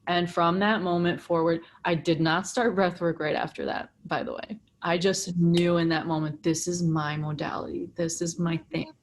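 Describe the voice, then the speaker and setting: A young woman with a lowish voice tells her story in a loose, chatty way. She swears freely and leans on "like" constantly, with lots of energy. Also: normal speed, few pauses, a little hiss or hum. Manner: animated, swears freely, heavy use of "like". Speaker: breathwork facilitator, podcast guest. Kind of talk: casual storytelling.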